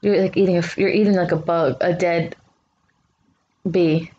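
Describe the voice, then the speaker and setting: A woman's voice: lowish voice, fairly even intonation, moderate pace, dark tone. A woman in casual chat, tasting advent-calendar liqueurs and talking in a squeamish, chatty way full of "like" and restarts. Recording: slightly dull, faint hiss.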